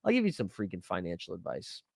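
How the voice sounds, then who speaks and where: A man's voice: low voice, wildly swooping pitch, fast, vocal fry. A young man hosting a live stream, rambling casually and joking with his chat as he searches for something. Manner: rambling, jokey, talks to chat while searching. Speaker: livestream host.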